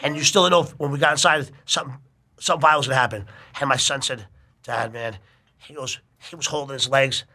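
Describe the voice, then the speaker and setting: Animated, profane middle-aged man storyteller. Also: mid-range voice, quick pace. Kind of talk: casual chat.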